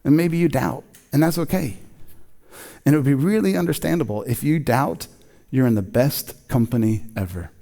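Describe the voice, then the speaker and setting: A man preaching a sermon in a conversational, animated way, joking with the congregation. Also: lowish voice, gravelly. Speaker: pastor.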